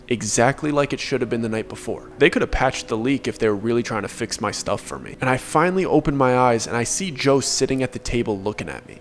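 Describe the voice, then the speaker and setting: A man's voice: mid-range voice, slight background noise. A young man narrating a first-person story in a casual, earnest way, reliving tense events as he goes.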